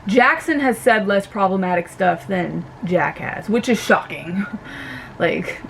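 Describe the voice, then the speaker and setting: A woman's voice: medium pitch, unhurried, gravelly, a little hiss or hum. Ranting young woman vlogger. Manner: animated, ranting, swears freely. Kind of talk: casual reality TV commentary.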